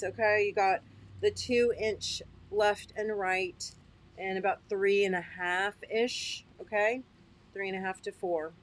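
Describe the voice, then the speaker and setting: Woman, livestream host, chatty, upbeat, checks in with listeners, mid-range voice. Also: mid-range voice. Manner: often laughs at herself. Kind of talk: casual livestream product demo.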